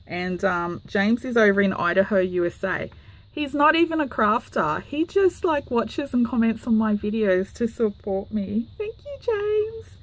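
A woman's voice: medium pitch, moderate pace. An Australian woman hosting her craft channel, chatting casually to camera with lots of ums and little apologies. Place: home craft room.

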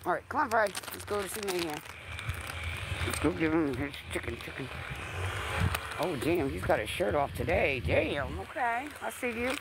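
A young woman talks on a handheld phone outdoors, chatty and casual, swearing easily and cooing at dogs. Her pitch swings up and down a lot. The phone recording carries clear background noise from the open air. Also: sing-song, normal speed, long pauses. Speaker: vlogger. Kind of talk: casual vlog talk. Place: outdoors in a rural yard with dogs.

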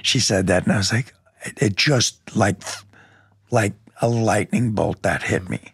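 Middle-aged police lieutenant, interview guest, gravelly and husky, blunt and earnest. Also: male voice, lowish voice, unhurried, dry recording, clean studio sound. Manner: earnest, blunt, plainspoken with mild cursing. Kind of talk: candid interview storytelling.

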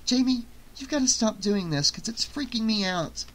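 A defiant, impatient young woman, put on by a male audiobook reader. She argues quickly and sharply, her voice pitched well above the reader's own. The delivery is audiobook character acting, not a plain read. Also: animated, a bit bright, heavily acted. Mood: pleading. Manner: pleading then snapping, quick to argue.

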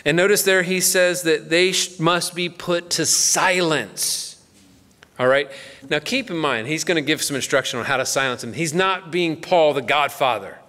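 A man's voice: fairly high pitch, normal speed, pushed and bright. A middle-aged man, a pastor, teaching the Bible in a casual, conversational way and acting out a story with playful voices. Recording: long hall reverb.

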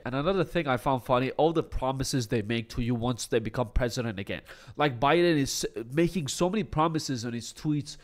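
A man's voice: medium pitch, expressive, moderate pace. A young man vlogging comedic political commentary in a mocking, sarcastic way.

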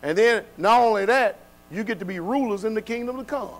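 A man preaching a sermon, dropping to quiet, low passages and then building to loud, shouted exhortation. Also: a little fast, rough recording.

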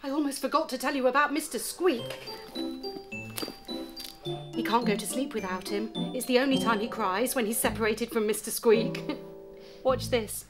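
An actress playing a fussy, doting mother in a children's TV show, chatty with giggly baby-talk squeaks. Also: moderate pace, long pauses, close to an everyday voice. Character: fussy, doting mother leaving her toddler. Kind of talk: children's TV acting. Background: background music.

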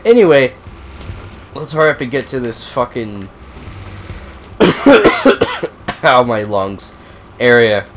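A young man with a cold who coughs now and then, giving profane, excitable, rambling commentary on a racing game. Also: medium pitch, moderate pace, pauses often, background noise. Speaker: gaming video host. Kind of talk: casual gameplay commentary.

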